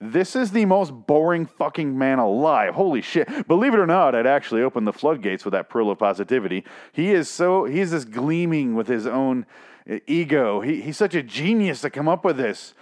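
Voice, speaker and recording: A man with a middle pitch and a very lively, swinging delivery rants as he mocks a piece of writing. He swears freely and sounds sarcastic and incredulous. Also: normal speed. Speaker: commentator reading an article aloud. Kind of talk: comedic reaction commentary.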